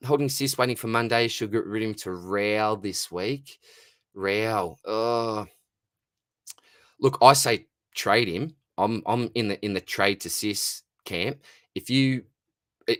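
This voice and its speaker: A relaxed Australian man talking casually on a live stream, answering viewer questions one after another and calling everyone mate. His voice sits low, recorded close on a dry microphone with no room sound. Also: no room sound. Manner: laid-back, calls everyone mate, reads out viewer names and questions. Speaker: fantasy football livestream host.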